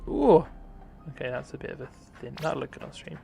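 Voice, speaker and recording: A man's voice: on the high side, big pitch swings, moderate pace, gravelly, mellow, soft background music. A young man casually commentating his game live on stream, swearing often, mocking himself and laughing easily.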